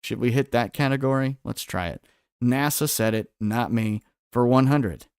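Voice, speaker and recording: A man's voice: mid-range voice, moderate pace, darkish tone, clear, resonant tone, dry recording, studio quality. A man hosting a quiz-style livestream, putting questions to his viewers and reading out their answers from the chat. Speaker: livestream host.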